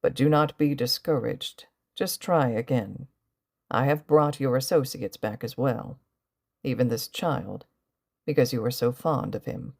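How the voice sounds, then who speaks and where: A woman voicing a calm, menacing masked male villain mentor in an audiobook reading, speaking in a measured, condescending way. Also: a bass voice, gravelly, full character voice. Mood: coldly calm.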